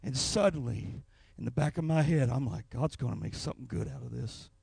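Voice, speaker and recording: A man's voice: mid-range voice, a little fast, gravelly, breathy edge, dry recording. A man preaching a sermon in a church, telling a personal story. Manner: storytelling, rising to anguished shouts. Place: church sanctuary.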